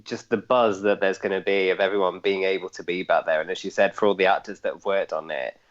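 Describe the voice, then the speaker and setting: A man, a casting director, calmly and earnestly giving career advice in a chat. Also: low voice. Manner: earnest, measured, encouraging. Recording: dull lo-fi recording.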